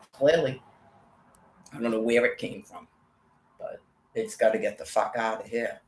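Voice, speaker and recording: A woman, delivering an agitated, profane monologue to camera. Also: rumbling low. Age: 50s. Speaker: vlogger. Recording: echoey, with faint background noise.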